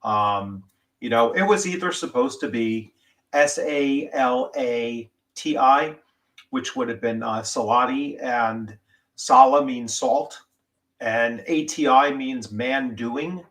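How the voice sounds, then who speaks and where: A man's voice: mid-range voice, takes it slowly, fairly bright tone. A man with a mid-range voice chatting casually on a podcast. He wanders through his thoughts, stopping often for "uh" and "you know" as he explains. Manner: meandering, with many "uh" and "you know" fillers. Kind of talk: casual chat.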